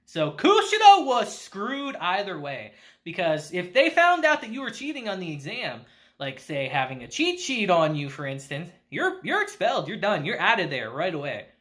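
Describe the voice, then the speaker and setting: Male anime reviewer, casual recap, lively pitch, bright tone, loose and profane. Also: normal speed. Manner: laid-back, swears, chuckles often.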